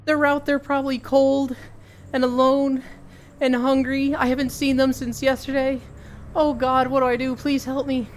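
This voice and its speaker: A woman's voice: high voice, flat delivery, moderate pace, slight background noise, pitched above the performer's own voice, close to an everyday voice. A woman voicing a panicked pet owner who has lost her dog, pleading in a raised, strained voice.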